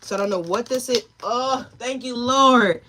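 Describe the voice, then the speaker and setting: A woman's voice: fairly high pitch, normal speed, bright, forceful tone, slight background noise. A woman giving a live tarot reading, talking straight to her viewers and chat, emotional and tearful at times. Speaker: tarot reader.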